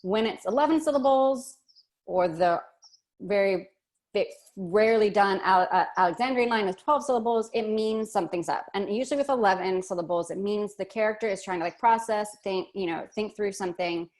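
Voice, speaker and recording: A woman's voice: mid-range voice, a little fast, darkish tone. A woman teaching an online workshop lesson, chatty and thinking aloud with many fillers and restarts.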